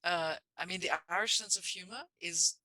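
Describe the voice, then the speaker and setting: A man in a reflective church discussion, speaking haltingly with frequent restarts and fillers. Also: high voice, bright, forceful tone, no room sound, low-quality recording. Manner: halting, restarts phrases, many "you know" and "I mean".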